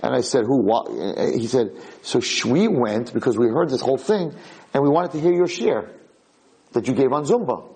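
A middle-aged American man, a rabbi, giving an animated storytelling lecture and acting out the people in his story. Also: medium pitch, normal speed, husky, low-quality recording.

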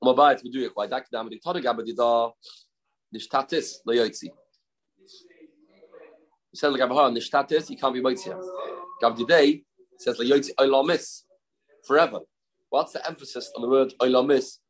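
A man's voice: medium pitch, moderate pace, long pauses, poor audio. A man teaching a daily Talmud class, mixing English with Hebrew and Aramaic terms and asking rhetorical questions.

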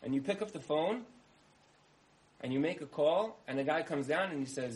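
Animated man telling a sermon story. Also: mid-range voice, moderate pace, pauses often, rough recording. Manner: animated storyteller, repeats phrases for emphasis, acts out dialogue. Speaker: speaker giving a talk.

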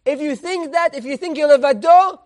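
A man teaching a Torah lesson as a rabbi, telling a parable in an animated way and mixing in Hebrew terms. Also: very high voice, brisk.

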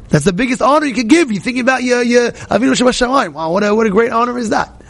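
A man giving an informal Torah class, animated and repetitive, constantly questioning his listeners directly. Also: very high-pitched, fast, gravelly. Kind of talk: informal Torah class talk to a live group.

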